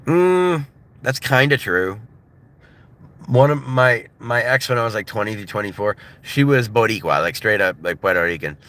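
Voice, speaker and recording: Casting: American man, thirties, loose laughing livestream chatter, bright ringing voice. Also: lowish voice, expressive, normal speed. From United States. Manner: loose and laughing, filler-heavy, mimics voices for comedy. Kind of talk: casual rambling chat. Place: in a car.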